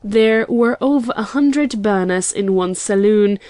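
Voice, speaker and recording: Woman reading eager young gentleman, earnest, excitable, dry close sound. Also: mid-range voice, unhurried, no room sound, natural voice. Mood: excited.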